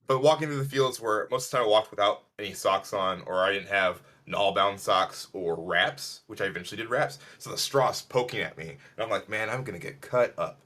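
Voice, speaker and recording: A man from Illinois co-hosting a podcast, telling rambling stories and acting out other people's lines in a higher voice. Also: brisk, few pauses. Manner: animated, rambling, acts out quotes in a higher voice. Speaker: podcast co-host. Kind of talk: casual storytelling chat.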